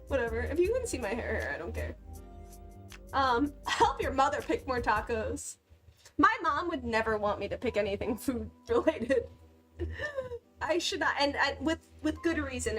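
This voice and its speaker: A young woman chatting casually on a livestream, bubbly and giggly, laughing often between lines. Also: on the high side. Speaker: cosplay livestreamer.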